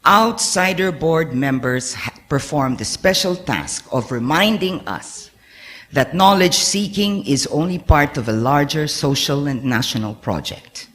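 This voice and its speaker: A man's voice: fairly high pitch, expressive, measured pace, a bit bright. A man giving a formal academic lecture in a hall, partly reading aloud, stressing key words and letting his voice fall at the ends of phrases. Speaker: university speaker giving a lecture.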